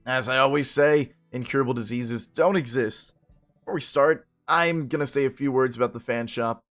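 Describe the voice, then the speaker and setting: A man voicing a boisterous male mystic showman with a loud, theatrical, crowd-rousing delivery while reading game dialogue aloud. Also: medium pitch, moderate pace, soft background music, natural voice. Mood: booming, grand.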